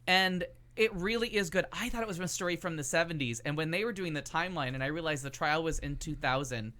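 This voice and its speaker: A man co-hosting a talk show talks movies in a loose, opinionated way, swearing casually and pausing on fillers. His voice has a bright, forceful edge. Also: fairly high pitch. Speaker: podcast co-host. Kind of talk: casual chat reviewing movies.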